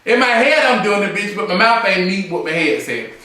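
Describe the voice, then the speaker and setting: Campy sassy guy dishing on a show, high bright voice, swoops all over, sitting back from the mic. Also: fairly quick, very echoey, far from the mic. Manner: campy, sassy, animated, full of asides and mimicry. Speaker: drag show reviewer. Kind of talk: casual review chat. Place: room, seated on a stool.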